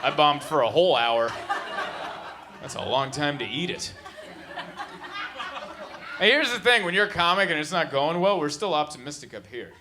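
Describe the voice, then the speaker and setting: On a comedy club stage in front of a laughing crowd, a San Diego man does stand-up, spinning stories and voicing the characters in them. His voice sits on the high side with a sing-song lilt, moving at normal speed with frequent pauses. The live recording picks up audience noise.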